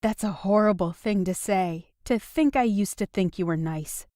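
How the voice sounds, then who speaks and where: A woman's voice: mid-range voice, moderate pace, warm tone, no echo, studio quality, natural voice. A woman voicing an upset young woman who is defensive and sarcastic in an audiobook. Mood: bitter. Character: upset young woman, guarded and sharp-tongued. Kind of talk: audiobook dialogue reading.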